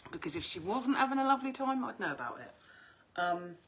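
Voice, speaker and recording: Middle-aged woman, husky bright voice, casual livestream chat, chatty and salty-tongued. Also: medium pitch, brisk. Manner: chatty, animated, swears freely. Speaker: oracle card reader and group host.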